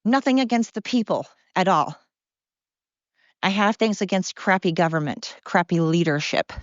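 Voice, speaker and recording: A woman's voice: on the low side, lively intonation, moderate pace, no echo. A middle-aged woman rants on her podcast while walking outdoors in the cold, out of breath and swearing freely. Her tone stays blunt and sarcastic throughout. The recording is dull and lo-fi, with a dry, close sound. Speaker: podcast host. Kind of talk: casual ranting monologue.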